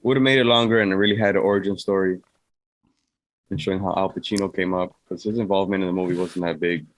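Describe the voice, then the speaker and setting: A man's voice: fairly even intonation, quick pace, low-quality recording. A man co-hosting a podcast, joking casually about a movie's characters. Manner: joking, mimics characters in a high voice. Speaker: podcast co-host. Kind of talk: casual movie review chat.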